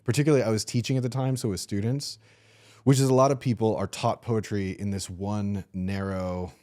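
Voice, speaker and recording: Male podcast host, lowish warm voice, appreciative and reflective. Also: steady tone, fairly quick. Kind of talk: conversational interview.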